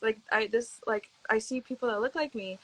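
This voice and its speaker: A woman's voice: fairly high pitch, fairly even intonation, brisk, dry recording, rough recording. A young woman from Hawaii, a podcast guest, telling stories in a laid-back, slangy way with lots of "like" fillers and acted-out quotes. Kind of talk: casual storytelling chat.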